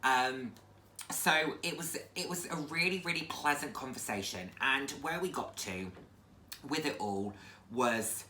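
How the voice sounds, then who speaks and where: Low-voiced woman in a roomy echo. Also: measured pace, bright, forceful tone, slight background noise. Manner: chatty, reflective, many ums. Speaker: vlogger. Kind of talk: casual chat to camera.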